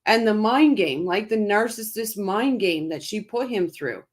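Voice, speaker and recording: A woman's voice: medium pitch, lively intonation, measured pace. A woman hosting a casual live-stream, reading out viewer comments by name and answering them with emphatic, impassioned commentary, often repeating her phrases.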